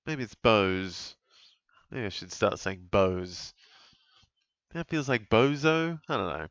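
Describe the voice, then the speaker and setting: A man casually commenting on a live football game for his stream, chatty and relaxed, with sudden bursts of excitement at big plays. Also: fairly low pitch, a little slow, long pauses, no echo, highs cut off. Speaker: fantasy football streamer calling a live watch-along.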